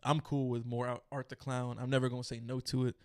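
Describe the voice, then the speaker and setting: A man's voice: medium pitch, level tone, fast talker, a little mellow, smooth. A man co-hosting a horror news podcast, chatting casually and colloquially with lots of fillers. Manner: laid-back, colloquial, trailing fillers. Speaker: podcast co-host.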